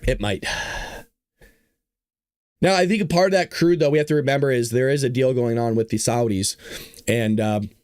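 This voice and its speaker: A hoarse man hosting a casual political commentary show, joking and talking to his audience. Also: medium pitch, no room sound, studio quality. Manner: animated, joking, talks to the audience. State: hoarse, voice worn out. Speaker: show host.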